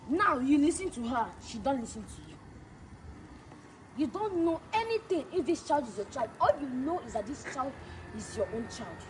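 Actress as a commanding young prophet, high and lively pitch, solemn deliberate delivery. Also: female voice, a little hiss or hum, poor audio. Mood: stern. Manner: slow, solemn pronouncements. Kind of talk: skit drama acting.

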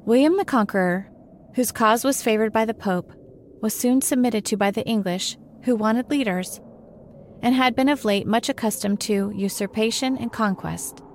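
A woman's voice: a little high, moderate pace, slight background noise, lightly acted. A woman voicing a self-important male mouse in a storybook reading, who lectures in a dry, pompous way.

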